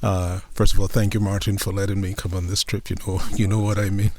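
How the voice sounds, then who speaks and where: A man on a tour giving relaxed, casual thanks. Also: deep voice, quick pace. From Toronto. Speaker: tour guest.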